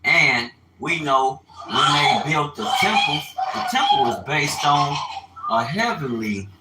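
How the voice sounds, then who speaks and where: Man preaching loudly over background noise. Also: fairly high pitch, takes it slowly, roomy sound. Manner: animated, profane, bursts of shouting. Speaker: religious teacher. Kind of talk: informal preaching and ranting. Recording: noisy ambient background.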